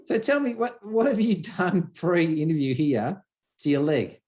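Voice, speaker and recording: A man hosts a relaxed conversation, his voice a little higher than most men's. He talks in bursts of excitement and hammers his points with repetition. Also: unhurried. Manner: excited, emphatic storyteller who repeats himself. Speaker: podcast host. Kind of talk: casual chat.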